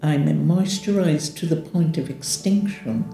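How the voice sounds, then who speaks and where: A woman's voice: low-pitched, unhurried. An older woman speaking frankly and wryly in an interview, acting out the voices she quotes. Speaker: patient sharing her story. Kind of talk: interview testimony. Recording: echoey room with soft music.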